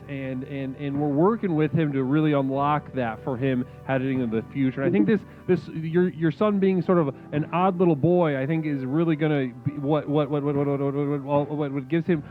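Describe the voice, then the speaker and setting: Host, man, Chicago accent, slightly high voice, rambling and stammering, tinny phone-like audio with faint music. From Chicago area, US. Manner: rambling, stammering repeated words. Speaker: host of a call-in stream. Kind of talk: comedic call-in chat.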